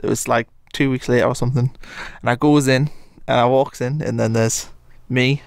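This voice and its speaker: A man's voice: mid-range voice, moderate pace, creaky, clean tone, no echo. Young Northumbrian man telling a story. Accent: Northumbrian English. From Northumberland, England. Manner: animated, swearing, laughs through the story. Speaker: podcast co-host. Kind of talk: casual storytelling.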